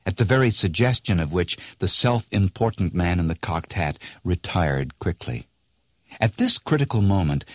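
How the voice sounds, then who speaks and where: Low, lively male storyteller. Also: no room sound, studio quality. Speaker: narrator. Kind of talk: storybook reading.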